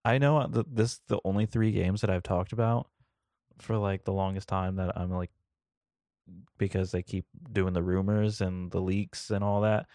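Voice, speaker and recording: Deep-voiced young man, easygoing podcast host. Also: steady tone, moderate pace, mellow, dry recording. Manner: easygoing, rambling, many fillers. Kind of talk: casual chat.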